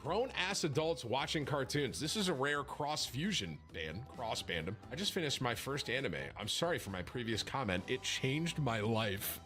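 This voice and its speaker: Male game streamer, lively swooping pitch, reads chat aloud, mocking tone. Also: normal speed, music in the background. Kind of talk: live stream chat reading.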